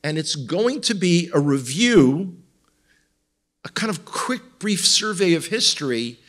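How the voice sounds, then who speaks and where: A man's voice: on the high side, expressive, slow, fairly bright tone. Wry, joking man with an Israeli accent. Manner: joking, wry asides, teases the audience. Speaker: tour guide and guest speaker. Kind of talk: humorous teaching talk with slides. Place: church congregation in front of an audience.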